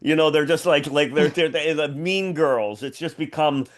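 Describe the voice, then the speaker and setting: A man's voice: on the high side, moderate pace. A male comedian on a radio panel rambles along in a self-mocking way. He starts and stops his sentences, circling back to restart them. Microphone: studio mic.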